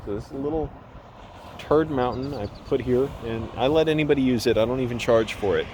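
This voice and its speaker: A man's voice: medium pitch, brisk, background noise. A young man vlogging outdoors on a hillside while walking, rambling and swearing freely in a casual rant.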